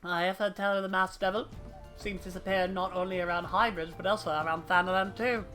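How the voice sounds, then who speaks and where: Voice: mid-range voice, steady tone, fast, pushed and bright, soft background music, natural voice. A streamer voicing a gossipy merchant in an invented, made-up accent while reading game dialogue aloud.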